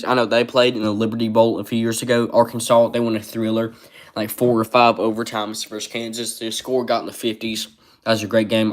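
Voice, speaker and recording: A man doing casual live-stream sports commentary, rambling and reading chat comments aloud. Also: on the low side. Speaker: sports livestreamer.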